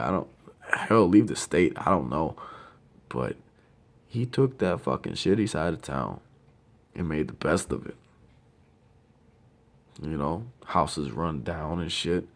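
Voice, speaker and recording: Brief: man in his thirties, very low gravelly voice, lively swings in pitch, blunt profane storyteller. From Ohio. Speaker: grieving older brother. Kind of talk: personal tribute monologue.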